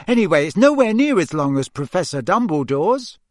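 A man reading an audiobook who voices a breezy teenage girl, teasing her mother in slow, drawn-out words. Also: sits high, sing-song, no echo, studio quality, pitched above the performer's own voice.

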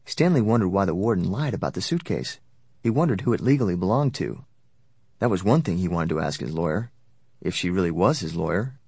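A man narrating an audiobook in a steady, even storytelling manner. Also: low voice, brisk, husky, dry recording, studio quality. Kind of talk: scripted narration.

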